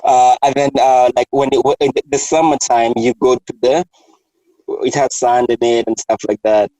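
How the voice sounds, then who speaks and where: A man hosting a casual chat, animated and laughing often, restarting his sentences. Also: medium pitch, normal speed, no echo, rough recording. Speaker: host.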